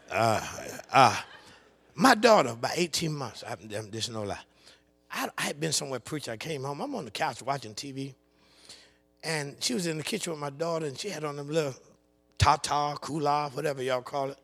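An older man preaching a sermon, telling a family story and calling out to the congregation, his voice swinging from low murmurs to impassioned shouting. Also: vocal fry.

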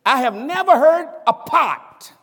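A man preaching a sermon, rising to shouted emphasis and calling out questions to the congregation. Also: very high-pitched, big pitch swings, measured pace, in a large hall.

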